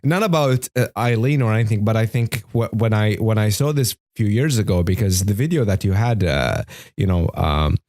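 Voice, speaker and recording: A man's voice: on the low side, expressive, normal speed, a little mellow, dry recording, studio quality. A man hosting an interview show, asking questions with many restarts and fillers. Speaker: host. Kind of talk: interview podcast.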